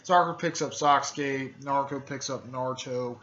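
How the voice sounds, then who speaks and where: A man's voice: mid-range voice, fairly even intonation, normal speed, a bit bright, a little hiss or hum. A young man casually narrating a fan story, rambling with many fillers and self-corrections. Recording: muffled lo-fi recording.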